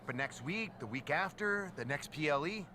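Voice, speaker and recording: A man's voice: on the high side, animated, normal speed, background noise, natural voice. An actor voicing a cocky male wrestler in a game who needles the champion in a mocking tone. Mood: taunting.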